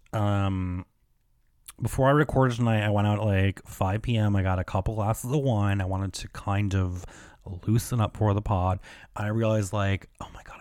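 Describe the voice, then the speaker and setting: A man's voice: on the low side, darkish tone, no room sound, studio quality. A young man hosting a solo podcast, telling stories in a chatty, profane way full of fillers and restarts. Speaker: podcast host. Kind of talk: casual solo podcast chat.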